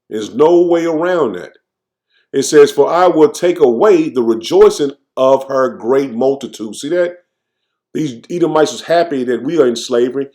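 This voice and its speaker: A man giving an informal, fervent sermon, reading verses slowly and then commenting, tagging "man" onto nearly every phrase. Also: fairly high pitch, darkish tone. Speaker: scripture teacher. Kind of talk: informal preaching with scripture reading.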